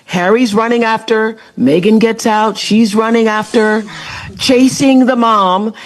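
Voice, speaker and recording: A woman's voice: on the high side, a little slow. Woman telling a story in casual chat. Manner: animated, acts out quoted voices. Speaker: podcast guest.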